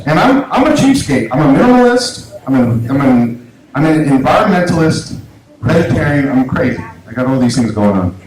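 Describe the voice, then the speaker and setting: A man's voice: mid-range voice, big pitch swings, a little mellow. A man performing a stand-up comedy set in a small club, self-deprecating, with lots of stumbles and restarts. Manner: halting, self-deprecating delivery with many restarts. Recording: echoey club room, audible noise, poor sound.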